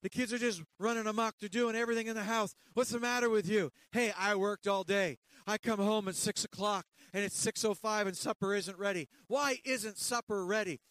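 Preacher playing a berating, nagging husband. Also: male voice, sits high, fairly even intonation, brisk, few pauses, no echo, low-quality recording. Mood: scolding. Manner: scolding, loud and accusing.

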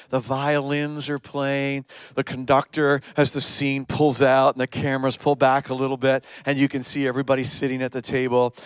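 A pastor preaching a sermon in a fairly high voice. He retells the story with drama, dropping to a hush and then rising to a strong, emphatic push. The sound is close and dry. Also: smooth, no room sound. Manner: storytelling preacher, swings between hushed and emphatic.

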